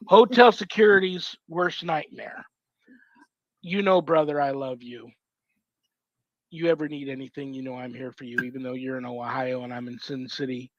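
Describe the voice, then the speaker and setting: A man's voice: medium pitch, steady tone, normal speed, fairly bright tone, dry recording. A man hosting a talk show, saying affectionate goodbyes to his guests one by one. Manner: effusive, affectionate. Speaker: show host. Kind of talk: casual sign-off chat with guests. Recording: dull lo-fi sound.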